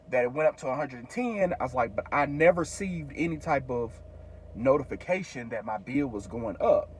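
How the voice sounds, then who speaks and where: A man talks straight to the camera in a relaxed, rambling vlog. His voice is a bit husky and sits at an ordinary pitch. He keeps the story going with filler words and acts out both sides of conversations. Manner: chatty, retells conversations with many fillers. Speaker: vlogger. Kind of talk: casual storytelling.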